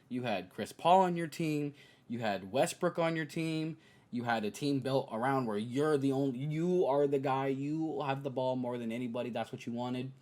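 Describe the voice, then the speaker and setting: A young man hosting a podcast, giving casual basketball opinions in an animated way and mocking players in high, exaggerated voices. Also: moderate pace. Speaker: podcast host.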